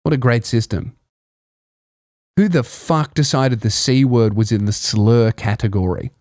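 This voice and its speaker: A man's voice: medium pitch, measured pace, a little mellow, no echo. A young man hosting a podcast, ranting in a sarcastic, mocking, profane comedic monologue into a close mic. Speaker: podcast host.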